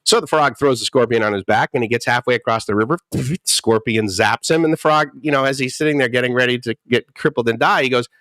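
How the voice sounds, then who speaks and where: A man's voice: mid-range voice, fast talker, hardly any pauses, fairly bright tone, no echo, clean studio sound. A man in his fifties in recovery, telling his story candidly and animatedly, often chuckling and acting out quotes. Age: 50s. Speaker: guest speaker in recovery. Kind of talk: candid personal talk.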